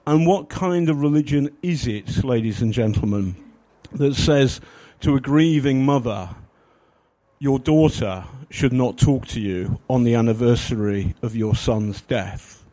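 A man's voice: mid-range voice, a little slow, mellow. A man giving a humorous talk to an audience, rambling with fillers and mocking himself. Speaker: speaker.

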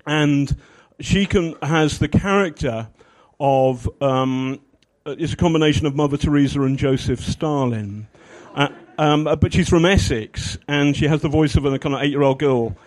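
A man's voice: on the high side, moderate pace, hardly any pauses. A man giving a humorous talk to an audience, rambling with fillers and mocking himself. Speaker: speaker.

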